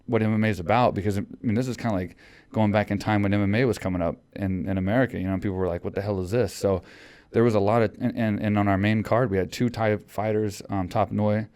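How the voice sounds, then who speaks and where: A man's voice: lowish voice, fairly even intonation, fast talker, darkish tone. A man hosting a podcast in casual chat, rambling with lots of fillers and restarts. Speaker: podcast host.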